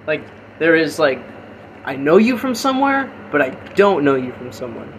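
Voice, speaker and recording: A man's voice: fairly high pitch, very animated, normal speed, slight background noise, poor audio. A young man co-hosting a casual podcast with his brother, eager and rambling, sometimes talking while eating. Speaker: podcast co-host.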